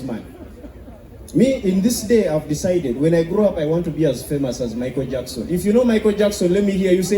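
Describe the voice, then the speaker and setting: Ugandan guy doing stand-up, animated storytelling, dark sound, echoey hall. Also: fairly high pitch, brisk, some chatter behind. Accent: Ugandan English. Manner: animated storytelling with sung bits. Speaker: stand-up comedian. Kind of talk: stand-up comedy.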